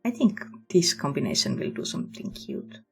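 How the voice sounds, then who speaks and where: A woman streamer giving casual, candid commentary while she plays. Her pitch moves in lively swings, and faint music sits in the background. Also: normal speed, gravelly. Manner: chatty and candid, reacting with laughs.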